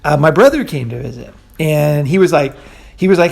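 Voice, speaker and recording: A man's voice: fairly high pitch, very fast, gravelly, a little mellow. A man hosting a show, telling stories in a loose, rambling way with lots of fillers, casual swearing and laughs at his own tales. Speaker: podcast host. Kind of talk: casual storytelling monologue.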